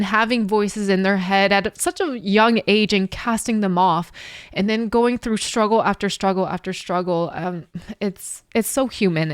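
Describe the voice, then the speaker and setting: A woman giving heartfelt reaction commentary on a song, tearful and emotional, halting with small laughs and sighs. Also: medium pitch, dry recording, studio quality. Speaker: music reaction YouTuber.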